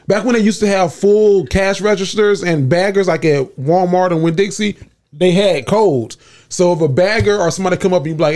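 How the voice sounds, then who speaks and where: A man's voice: fairly high pitch, fast talker, darkish tone. A man co-hosting a comedy podcast, telling stories in a laid-back way and acting out other people's lines. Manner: laid-back storytelling, acts out voices of others. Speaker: podcast co-host. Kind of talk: casual comedy podcast chat.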